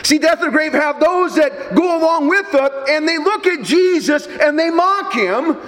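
A male pastor giving a funeral sermon, dramatic, swinging between loud emphatic highs and low quiet drops, firing rhetorical questions at the mourners. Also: expressive, moderate pace, hardly any pauses. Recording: long hall reverb, faint background noise.

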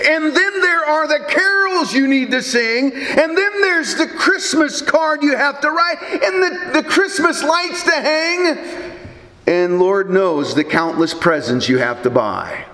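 High-voiced pastor preaching in an echoey church. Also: male voice, sharp tone. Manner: storytelling, conversational with occasional restarts. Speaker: Lutheran pastor. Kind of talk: sermon. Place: church sanctuary. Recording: echoey hall with long reverb.

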